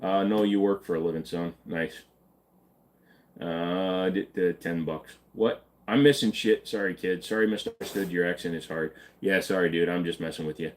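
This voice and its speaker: A man's voice: sits low, steady tone, moderate pace. A man hosting a live stream, casually reading and answering chat questions in an offhand, joking way.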